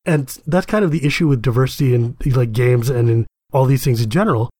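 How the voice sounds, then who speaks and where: A young man from the United States chatting casually with friends. He talks in an animated way, laughs a lot and jumps high in pitch when worked up. His mid-range voice sits close and dry on the mic. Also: brisk, slightly rough, no echo. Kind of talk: casual chat.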